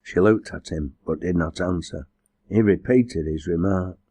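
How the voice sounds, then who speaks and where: A man reading a novel aloud as an audiobook narrator, in measured, even storytelling. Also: deep voice, slightly rough, no room sound. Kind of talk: scripted narration.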